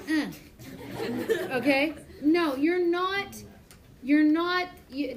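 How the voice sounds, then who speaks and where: Woman biology teacher, high voice, chatty and animated, recorded far off in a noisy, echoey classroom. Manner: lively, chatty, acts out examples. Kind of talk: classroom lecture.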